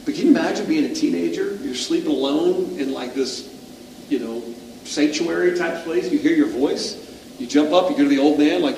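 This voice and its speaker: A man's voice: a little high, moderate pace, creaky, darkish tone, a little hiss or hum. A middle-aged male pastor preaching a sermon in a conversational, self-deprecating way, asking the audience questions. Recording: echoey room, distant mic.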